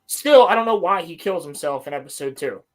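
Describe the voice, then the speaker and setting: A man co-hosting a podcast, recapping a show in casual chat, animated and swearing often. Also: a little high, brisk. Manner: animated, swears a lot, mimics characters. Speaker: podcast co-host.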